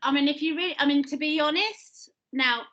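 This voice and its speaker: A woman's voice: high-pitched, fairly quick, highs cut off. A woman with a London accent, a guest on a video-call podcast, who explains things by acting them out. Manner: animated, explains by demonstrating. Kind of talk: casual podcast chat.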